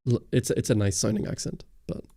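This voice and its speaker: Speaking in a warm, lowish voice at a brisk clip, a man from Northern Ireland rambles through viewer chat while hosting a casual YouTube livestream. He has a Northern Irish accent, and the close studio mic gives a recording with no echo.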